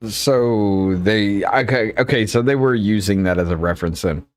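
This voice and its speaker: A man's voice: on the low side, normal speed. A man co-hosting a podcast over a voice call, talking casually and bluntly with frequent swearing. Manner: blunt and profane. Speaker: podcast co-host.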